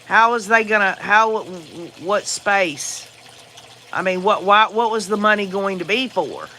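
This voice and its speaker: In an unhurried, high, bright and forceful voice with a little hiss or hum, a man hosts a casual livestream. He has a Southern US accent and responds to viewer comments in a rambling, opinionated way, using many fillers.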